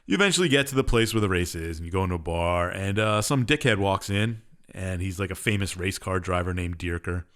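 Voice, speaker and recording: A young man on a podcast runs through a game's plot in loose, casual chat. His voice sits a bit low, and he shrugs off details with offhand, sarcastic asides. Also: animated, fairly quick, few pauses, fairly bright tone. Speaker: podcast co-host.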